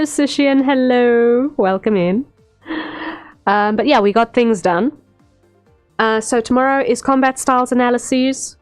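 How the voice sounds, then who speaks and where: Slow, rambling woman streamer. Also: on the high side, smooth. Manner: unhurried, rambling, many "um" fillers. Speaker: streamer, VTuber artist. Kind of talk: casual livestream chat while drawing. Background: faint stream music.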